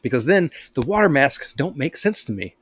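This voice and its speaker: A man's voice: mid-range voice, big pitch swings, normal speed, fairly bright tone, husky, dry recording, clean studio sound. A man co-hosting a podcast in casual chat, rambling through explanations with many fillers. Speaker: podcast co-host.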